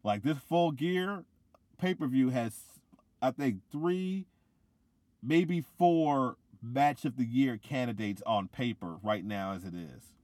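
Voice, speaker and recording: A young man in casual chat who rambles with lots of "like" and gets excitable. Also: mid-range voice, slow pace, no room sound. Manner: rambling, filler-heavy, excitable.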